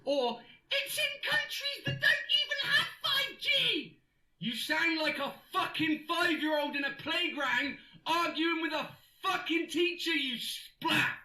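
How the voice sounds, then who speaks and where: A man's voice: very high voice, expressive, takes it slowly, voice pushed up, exaggerated voice. A comedian voicing an abusive, sweary male conspiracy theorist leaving furious voice messages, in an echoey room. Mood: ranting. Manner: abusive, sweary, shouting tirade.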